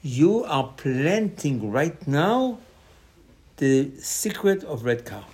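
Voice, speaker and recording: A man's voice: on the high side, very animated, takes it slowly, a little mellow. A man, a rabbi, preaching a Torah sermon with passion, repeating phrases and acting out quoted dialogue. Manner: impassioned, repetitive, acts out quoted dialogue.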